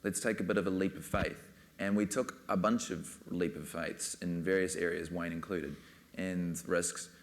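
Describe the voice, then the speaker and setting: A man's voice: deep voice, fairly even intonation, normal speed. A man speaking as a film director on a panel, rambling casually with many fillers. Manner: rambling, full of "you know" and "like".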